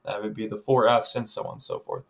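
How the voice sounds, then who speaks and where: A young man teaching a recorded music lesson to children, chatty, talking straight to the students and filling pauses with lots of ums. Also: fairly low pitch, huge pitch swings, gravelly. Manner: chatty, addresses students directly, many ums.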